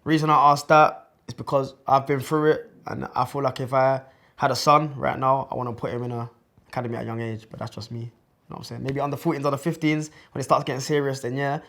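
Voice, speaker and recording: A man's voice: medium pitch, fairly even intonation, fast, gravelly, fairly bright tone. A man in his twenties, a former footballer, telling his story in a loose, chatty way full of slang fillers. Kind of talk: casual storytelling to camera.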